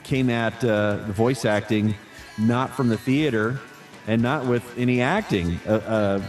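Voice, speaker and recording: A man who works as a voice actor, answering interview questions in a relaxed, chatty way with frequent fillers and restarts. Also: mid-range voice, a little slow, faint music behind.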